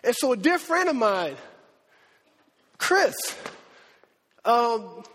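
A man's voice: extremely high pitch, big pitch swings, very slow, fairly bright tone, in a large hall, a little hiss or hum. A man preaching a sermon as pastor, impassioned, who acts out the voices he quotes and chokes up at times.

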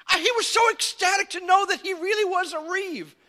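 A male pastor preaching a sermon, animated and stumbling over repeated words. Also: very high voice, a little fast, hardly any pauses.

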